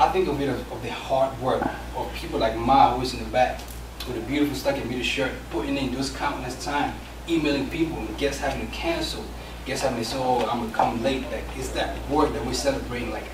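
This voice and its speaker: A young adult man, a podcast co-host, giving a casual live speech with loose filler phrases. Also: mid-range voice. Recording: echoey room, far from mic, noisy.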